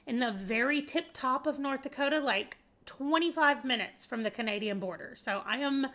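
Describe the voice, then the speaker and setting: A chatty woman from southeastern Arkansas, talking in a Southern US accent. Her voice is bright and a touch high, and she rambles along in casual talk to camera, laughing easily and calling her viewers y'all. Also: animated, moderate pace. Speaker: booktuber.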